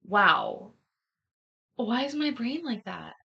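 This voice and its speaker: A woman's voice: a little high, sing-song, slow pace, gravelly, husky, dull audio. A woman hosting a livestream, chatting casually with viewers and reacting to a court hearing, laughing and swearing freely. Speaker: livestream host.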